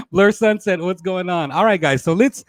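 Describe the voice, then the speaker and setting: Male stream host, playful and chatty, fairly high voice, dry webcam sound. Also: dry recording. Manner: playful, laughs often, says y'all a lot. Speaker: talk show host. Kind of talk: live stream chat with shout-outs.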